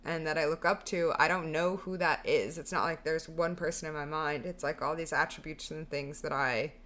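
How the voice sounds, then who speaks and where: A woman's voice: sits low, fairly even intonation, normal speed, a bit bright. A woman in her thirties co-hosting a podcast, talking in a chatty, emotional way with lots of "like". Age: 30s. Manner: chatty, emotional, heavy use of "like". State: sweating. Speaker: podcast co-host. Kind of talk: casual chat.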